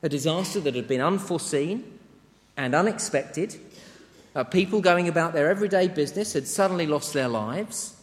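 A man with a high, light voice preaches a sermon in an earnest, measured way, leaning hard on short emphatic words. His voice rings out with a long reverb, as if filling a large church. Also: animated. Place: church to an international congregation.

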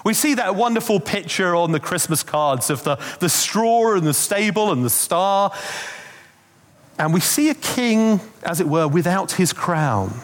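A man's voice: sits high, lively intonation, measured pace. A man preaching a Christmas sermon, telling stories in a conversational way with asides. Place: church. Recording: long reverb of a church hall.

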